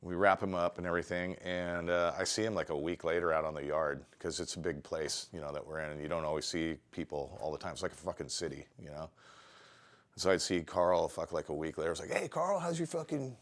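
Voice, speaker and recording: A man's voice: very deep voice, fast. A middle-aged man, a tattoo artist, telling rambling, profane stories in a casual interview. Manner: profane, rambling, animated storytelling.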